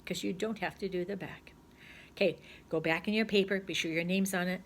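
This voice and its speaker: A middle-aged woman teacher giving a recorded phonics lesson, patient and chatty, thinking aloud and sounding words out slowly. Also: on the low side, steady tone, slight background noise.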